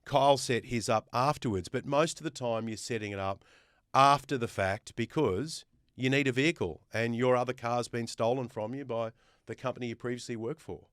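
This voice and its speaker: Aussie guy guest hosting a podcast, emphatic, rattles off lists, smooth clear voice, dry close mic. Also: medium pitch, normal speed, a bit bright, no room sound. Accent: Australian. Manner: emphatic, builds points with lists. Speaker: guest host. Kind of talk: casual podcast chat.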